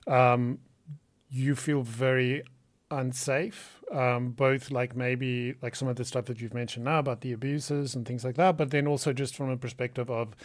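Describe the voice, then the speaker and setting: Male podcast host, mid-pitched voice, casual interview, meandering questioner. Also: flat delivery, moderate pace. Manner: rambling questions with many restarts.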